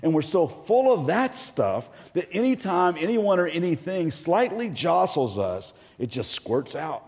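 A man preaching a sermon as pastor, animated, now and then mimicking angry voices for effect. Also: fairly high pitch, a little slow, hardly any pauses, in a large hall.

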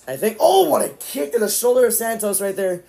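A man streaming live, casually calling the action play-by-play, with sudden excited outbursts. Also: sits high, fairly quick, gravelly. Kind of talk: live watch-along commentary.

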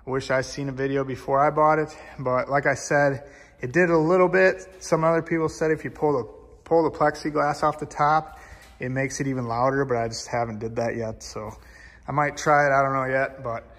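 A man casually talking through a car part install, excitable and blunt. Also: medium pitch, brisk, big-room sound. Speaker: car vlogger. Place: garage.

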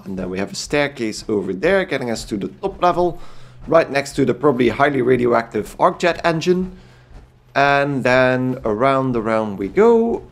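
A man's voice: medium pitch, creaky. A man casually commenting on his own video game play, curious and thinking aloud. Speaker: gameplay commentator.

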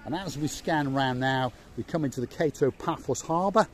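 A man's voice: medium pitch, a little fast. A man hosting a vlog, giving a playful walking-tour commentary outdoors on a seaside promenade and repeating words for emphasis. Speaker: vlog host and tour guide.

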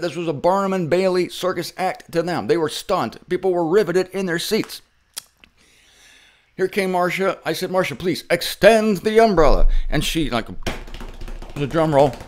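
Man, Bible teacher, fairly high voice, humorous, theatrical, emphatic. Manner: theatrical, playful storytelling with mock drama; emphatic, repeats key phrases.

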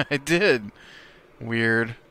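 A man's voice: medium pitch, extremely slow, sharp tone. A man hosting a let's play, giving casual gameplay commentary in a chatty way, reacting aloud to the game and laughing often.

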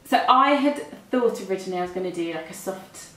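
Her medium-pitched voice is sharp, quick, and full of lively intonation. A makeup artist with a British accent, she chats through every step of the demonstration, and the recording has room echo with the mic at some distance.

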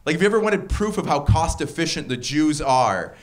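A man's voice: a little high, a little fast. A man performing a stand-up comedy set on a club stage, talking wryly and jumping his voice up for punchlines. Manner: wry and animated, voice jumps up for punchlines.

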